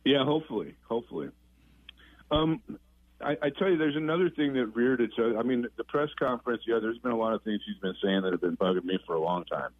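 A man's voice: medium pitch, quick pace, no room sound. A man calling in to a sports radio show, friendly and rambling as he talks. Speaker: caller. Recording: tinny phone line.

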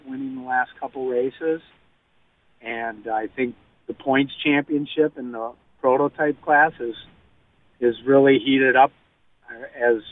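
Animated man on a tinny phone line. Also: mid-range voice, no echo. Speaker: racing reporter on phone. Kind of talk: phone-in radio chat.

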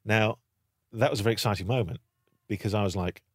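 A British man with a fairly low voice tells an anecdote in relaxed conversation. He is animated and slips into other people's voices as he goes. The sound is dry and close, with no room around it. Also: quick pace, no echo. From Britain. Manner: animated storytelling, acting out voices. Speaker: guest storyteller. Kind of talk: casual anecdote on a podcast.

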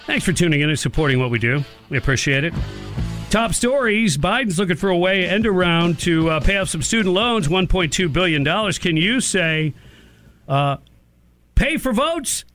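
A man's voice: high-pitched, normal speed, soft background music. A man hosting a morning talk radio show, telling stories and cracking jokes in casual banter. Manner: jokey, wisecracking, animated storyteller.

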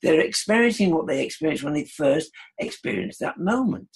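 A man's voice: sits high, very animated, fairly quick, creaky, husky. A man from the United Kingdom, a guest in an interview, who speaks enthusiastically and repeats phrases for emphasis. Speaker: guest, dementia care advocate. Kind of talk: conversational interview.

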